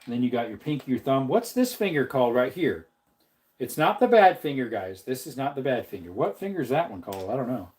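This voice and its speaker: A man's voice: very animated, a little fast, a little mellow. A man hosting a casual livestream, rambling in chatty talk and reading out viewer comments. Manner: jokey, slips into a silly high voice. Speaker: livestream host.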